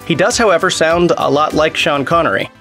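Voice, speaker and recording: A man's voice: fairly high pitch, fairly quick, fairly bright tone, faint music behind. A man narrating a scripted video in a wry, sardonic tone.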